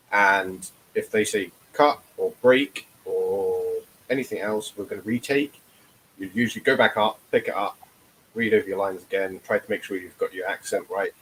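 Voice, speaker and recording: A man chatting on a livestream, his voice sitting low. He explains at length and restarts his sentences often, with a faint hiss under the recording. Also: a bit bright, rough recording. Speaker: actor guest. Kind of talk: casual livestream chat.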